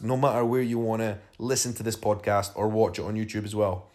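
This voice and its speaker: A man's voice: lowish voice, fairly even intonation, quick pace, hardly any pauses, darkish tone. A man from Scotland with an Edinburgh accent, hosting his podcast and telling a personal story in a casual, chatty way. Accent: Scottish, Edinburgh. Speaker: podcast host.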